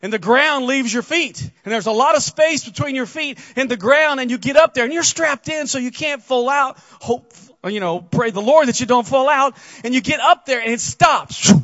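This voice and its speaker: High-voiced male pastor preaching earnestly. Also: normal speed, fairly bright tone, no room sound, dull audio. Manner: earnest, conversational, addresses the congregation directly. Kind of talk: sermon.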